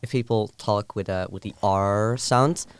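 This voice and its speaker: A young man from the southern Netherlands, Dutch his first language, explaining things carefully in casual podcast chat with many pauses. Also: lowish voice, smooth. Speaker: podcast guest.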